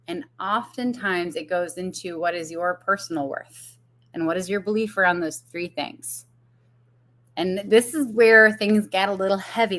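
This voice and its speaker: A woman's voice: mid-range voice, fairly bright tone. A woman business coach giving a casual live-streamed talk, chatty with fillers and frequent laughs.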